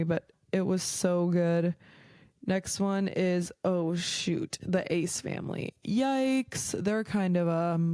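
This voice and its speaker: Mellow-voiced young woman chatting casually. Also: on the low side, smooth, no echo, studio quality. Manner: chatty and rambling, swears freely, with fillers and tangents. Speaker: podcast host. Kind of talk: casual solo chat.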